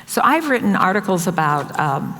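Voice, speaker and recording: Older woman, lowish voice, anecdotal storyteller, nurse speaking to an audience, echoing hall. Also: moderate pace, a little hiss or hum. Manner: anecdotal, quotes others in lively voices. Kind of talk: storytelling talk. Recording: long hall reverb.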